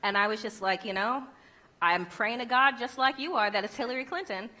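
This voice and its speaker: A woman's voice: a little high, fairly quick, sharp tone. A woman giving a conference keynote speech, emphatic and rhetorical, with wry humor. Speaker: keynote speaker.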